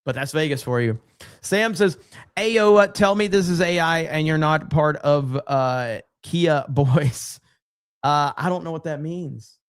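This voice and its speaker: Male stream host, loose and rambling, reads chat aloud, slightly high voice. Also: measured pace, clear, resonant tone. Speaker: livestream host. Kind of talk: casual live stream chat.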